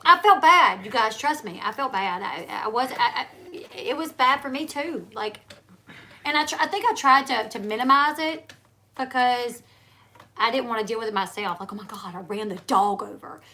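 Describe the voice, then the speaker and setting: Bright-voiced woman interjecting in casual chat. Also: on the high side, animated, normal speed. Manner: chatty, interjecting, stammers when explaining herself.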